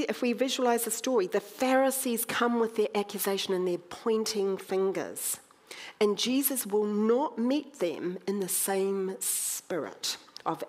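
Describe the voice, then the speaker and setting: A woman preaching a sermon, conversational and animated, with wry humour as she tells the story. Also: mid-range voice.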